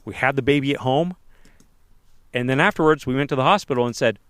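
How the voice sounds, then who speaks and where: A man co-hosting a podcast, telling a lively personal anecdote in a casual way. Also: mid-range voice, fast, clear, resonant tone, no room sound, studio quality. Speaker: podcast co-host telling a story. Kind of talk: casual storytelling.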